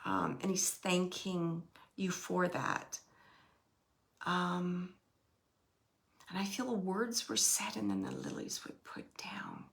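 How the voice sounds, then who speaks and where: A woman medium passes along a spirit's words in a bright, slightly gravelly voice. She speaks in halting, repeated phrases and slips into near-whispers while she searches for the right word. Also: on the low side, very animated. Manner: relays messages in soft, halting phrases, drops to whispers. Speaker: psychic medium. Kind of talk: channeling a spirit reading.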